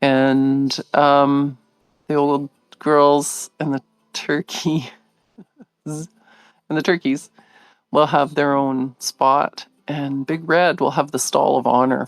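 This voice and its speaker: A middle-aged woman hosting a live video, telling a story in a casual, animated way, laughing often and acting out what others said. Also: sits low, slow, no room sound. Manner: animated, laughing, acts out quoted voices.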